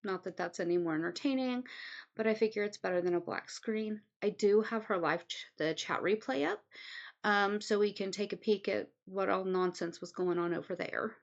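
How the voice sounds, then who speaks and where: A woman's voice: medium pitch, normal speed. Woman, casual home commentary, chatty and rambling, lots of ums, slightly dull lo-fi sound. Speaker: commentary host.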